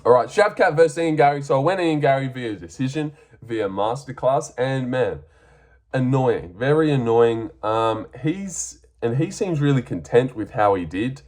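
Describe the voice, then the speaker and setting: A young man from Western Australia reviews MMA fights in a casual, blunt and profane breakdown, sarcastic and full of ums. His medium-pitched voice is expressive and darkish in tone, at a moderate pace.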